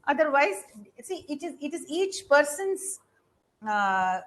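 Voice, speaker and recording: A middle-aged woman with an Indian English accent giving an unscripted lecture, halting often with fillers and restarts. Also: high-pitched, big pitch swings, rough recording. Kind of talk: academic lecture. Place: lecture hall.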